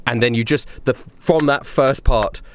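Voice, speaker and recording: A man's voice: medium pitch, a little slow, a little hiss or hum. A man hosting a casual podcast chat, telling long rambling anecdotes. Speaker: podcast host.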